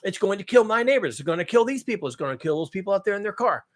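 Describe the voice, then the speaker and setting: A man hosting his own channel, giving a sarcastic, profane rant about the news, swinging between low mutters and loud outbursts and repeating phrases for emphasis. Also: animated, rapid-fire. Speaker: channel host. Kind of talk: ranting commentary on news.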